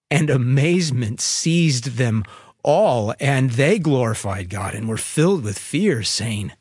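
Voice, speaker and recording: A man delivering a sermon, reading scripture at a measured, deliberate pace. His voice sits in an ordinary middle pitch. The recording is dry and close, with no room sound. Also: husky, dry recording. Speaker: preacher.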